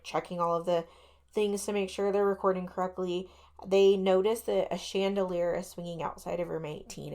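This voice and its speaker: A woman co-hosts a radio show, recounting ghost-hunting tales in a loose, chatty way full of fillers. Her voice sits low and carries a gravelly fry, and she breaks off now and then to question what she is retelling. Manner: chatty, many fillers, skeptical asides. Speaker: podcast co-host. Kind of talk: casual chat retelling ghost stories. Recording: radio talk show studio mic.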